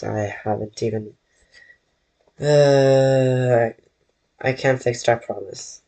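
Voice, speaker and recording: A man's voice: mid-range voice, steady tone, dark tone. A man drawing on a live stream from his bedroom, rambling to his viewers and often correcting himself. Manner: slow, rambling, self-correcting, talks to chat. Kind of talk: casual live-stream chat while drawing.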